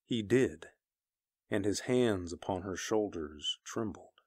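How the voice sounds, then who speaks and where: A man narrating a story, reading in a grave and measured way. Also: lowish voice, expressive, a little mellow, slightly rough, dry recording, clean studio sound. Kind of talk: scripted narration of pulp fiction.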